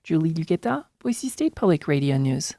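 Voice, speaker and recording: Woman, news reporter, gravelly, mellow tone, scripted report, dry booth sound. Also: low voice, big pitch swings, moderate pace, no echo.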